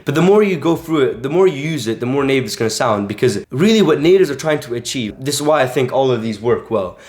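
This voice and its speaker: A man's voice: medium pitch, lively intonation, fast, darkish tone. A young man teaching casually in a vlog, rambling with lots of filler words. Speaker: language coach. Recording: echoey room.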